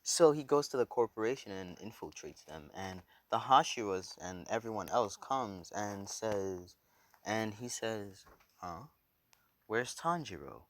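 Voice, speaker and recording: A man's voice: on the low side, unhurried. A man casually telling a made-up fan story, rambling with fillers and swearing. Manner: rambling, loose, swears, lots of "so yeah".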